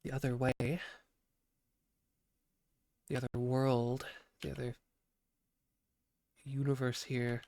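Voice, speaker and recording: A man talks in a loose, profane ramble, stumbling and restarting his sentences. His voice is croaky from being sick. The recording is dry and close, with no room sound. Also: medium pitch, flat delivery, slow pace, pauses often, a little mellow, no room sound. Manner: rambling, profane, self-interrupting. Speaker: podcast host. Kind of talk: rambling casual monologue.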